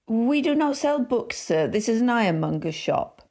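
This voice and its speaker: Woman doing a flustered male shop assistant, exasperated, shouting, high strained voice. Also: very animated, moderate pace.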